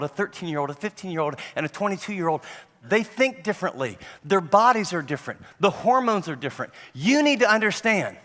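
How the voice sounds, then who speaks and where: A man preaching a sermon on parenting, telling stories and acting out parents and children in an animated way. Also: high voice. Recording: long hall reverb.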